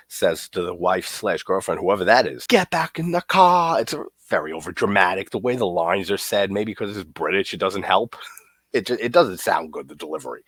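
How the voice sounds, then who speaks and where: A young man talks through a horror film in a loose, joking way, dropping curses and chuckling as he recaps. His voice sits very low, and the recording is dry and close with no room around it. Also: no room sound. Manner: loose and profane, laughs and jokes while recapping. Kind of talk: casual film commentary.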